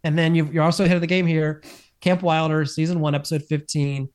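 A man with a slightly higher voice than most men co-hosts a casual chat. He recaps TV episodes in an animated, rambling way, full of fillers and restarts. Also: fast talker, clear, resonant tone. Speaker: podcast co-host.

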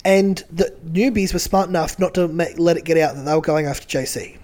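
A man talks through a reality show episode in easygoing podcast chat. He tells it in detail, jokes along the way and gets animated about the players. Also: on the high side, fairly quick. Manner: animated, joking, detailed storytelling. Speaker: podcast co-host.

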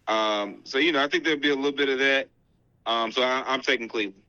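Co-host man, quick talker with a bright, tense voice, stumbles over repeated words. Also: medium pitch, smooth, no echo, lo-fi sound. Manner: repeats words while thinking aloud. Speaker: podcast co-host. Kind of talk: casual sports chat.

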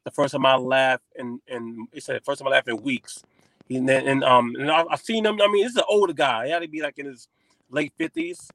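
A man who is a comedian, telling stories in animated casual chat with plenty of swearing. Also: mid-range voice, brisk, no room sound. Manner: animated storytelling with frequent profanity.

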